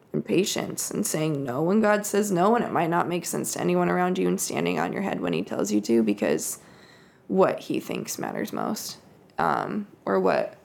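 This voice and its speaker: Woman podcast co-host, casual faith talk. Heavy vocal fry, very expressive pitch. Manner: reflective storytelling, acts out quoted voices.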